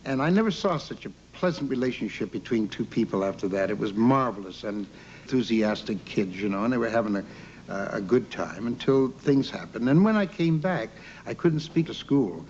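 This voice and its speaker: A man's voice: mid-range voice, animated, normal speed, a little mellow. An older man telling rambling childhood stories in a conversational interview, full of fillers. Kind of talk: interview storytelling about childhood. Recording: dull lo-fi recording with faint background noise.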